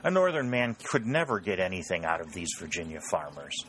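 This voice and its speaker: A man's voice: deep voice, big pitch swings, fairly quick, a bit bright, slight background noise, poor audio. A man voicing a shrewd, wheedling army lieutenant in a storybook reading. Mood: vexed. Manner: wheedling, vexed.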